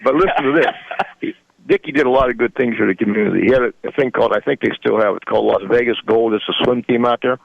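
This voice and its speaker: A gravelly, medium-pitched man in his sixties talks quickly as a radio show guest, telling rambling stories in folksy grammar and chuckling often. The sound is lo-fi but has no echo.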